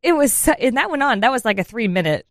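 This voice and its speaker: A woman in her thirties co-hosting a radio show, telling a self-deprecating story in an animated, laughing way. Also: on the high side, fast talker, dry recording, clean studio sound. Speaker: radio co-host. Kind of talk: casual chat.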